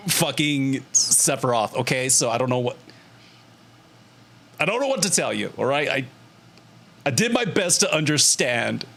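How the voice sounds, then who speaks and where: A young man with a mid-range voice talks straight to his chat from his desk mic. He is animated and jokey, laughing often and tossing in casual swears. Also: mid-range voice. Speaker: streamer. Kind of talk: casual livestream chat to viewers.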